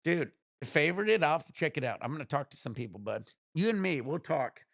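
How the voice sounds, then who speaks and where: A laid-back man rambles through casual livestream chat and laughs easily. His voice has a gravelly edge and sits a little high for a man, with lively swings in pitch. The sound is close and dry on a desk mic. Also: fast, no echo. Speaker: livestream host.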